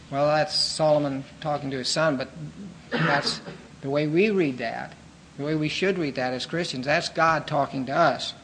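A man preaching a sermon in an earnest, measured teaching manner, pausing with fillers and restarting phrases. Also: fairly high pitch, fairly even intonation, a bit bright, slight background noise, low-quality recording.

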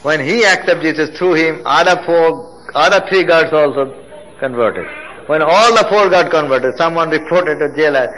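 A man's voice: fairly high pitch, normal speed, fairly bright tone, low-quality recording. A man from Nepal with a Nepali accent, preaching his testimony in fervent, broken English. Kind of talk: sermon testimony. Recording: faint hiss from an old tape.

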